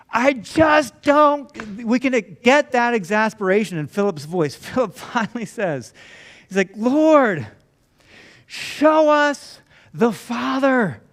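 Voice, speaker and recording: Male pastor, high voice, chatty storytelling sermon. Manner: conversational storytelling, acting out disciples' lines. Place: church.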